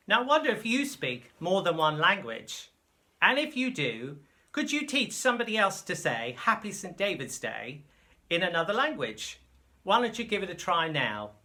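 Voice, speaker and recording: A man presenting a slow, clear school lesson video for children. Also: high-pitched. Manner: slow, clear, lively teaching voice. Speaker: teacher.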